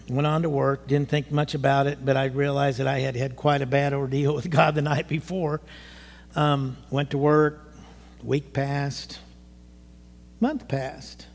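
A man's voice: medium pitch, creaky. A man in his sixties, a pastor preaching a sermon and telling a personal testimony, talking conversationally, asking the congregation questions and rising into emotional outbursts. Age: 60s. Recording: long hall reverb.

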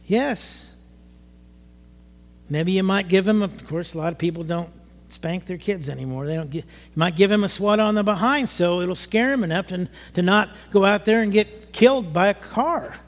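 High-voiced older man preaching in echoing hall. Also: moderate pace. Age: 60s. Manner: conversational, rising to emotional outbursts, asks the congregation questions. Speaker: pastor. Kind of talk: sermon with personal testimony. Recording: long hall reverb.

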